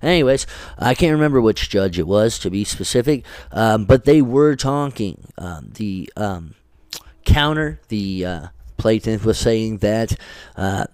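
A man with a low, smooth, clear voice, mellow in tone, who rambles and restarts with lots of fillers while reading dense legal text. He records into a close mic in a dry room with little reverb. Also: animated, measured pace. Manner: swears casually. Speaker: podcast host. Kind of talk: casual commentary, reading legal text aloud.

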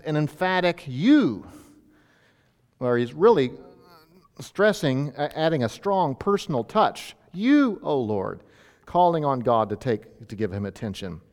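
A man's voice: a little high, clean tone, in a large hall. A male pastor teaching an expository sermon in a teacherly way, with emphatic bursts on key points.

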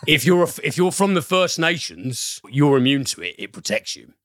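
A man's voice: on the high side, very animated, normal speed, fairly bright tone, no room sound, clean studio sound. A man hosting a casual film review podcast, enthusiastic, rambling and profane.

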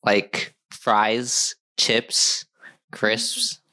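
A man's voice: lowish voice, sing-song, drawn-out words, pushed and bright, no echo. A man hosting a casual conversation, chatty and full of "like" fillers.

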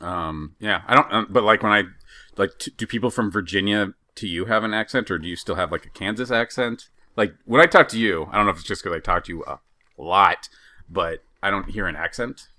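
A man from the western United States, co-hosting a podcast and telling a story in a casual, halting way, with lots of restarts. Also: deep voice, no echo, clean studio sound. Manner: animated, halting, with many restarts. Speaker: podcast co-host.

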